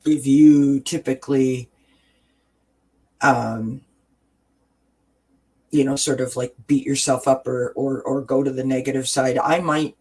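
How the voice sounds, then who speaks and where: A man's voice: mid-range voice, darkish tone, poor audio. Man, wellness stream host; earnest, encouraging, rambles with restarts, webcam audio. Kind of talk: casual livestream chat.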